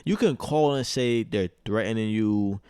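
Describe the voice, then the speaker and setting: A young man co-hosting a podcast in relaxed casual chat, with many restarts and agreeing interjections. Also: on the low side, measured pace, smooth, dry recording. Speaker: podcast co-host.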